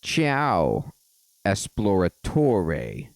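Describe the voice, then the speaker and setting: A man voicing a scheming, mafia-style male fairy godfather in a game, with an exaggerated mock Italian accent and halting broken English. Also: lowish voice, huge pitch swings, creaky, dry recording, exaggerated voice. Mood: theatrical.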